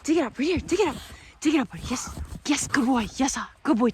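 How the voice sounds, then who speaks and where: A young woman's high-pitched, expressive voice comes through fast and a little mellow as she vlogs in the snow with her dog. Playful and slightly out of breath, she chats while coaxing the dog, over faint background noise.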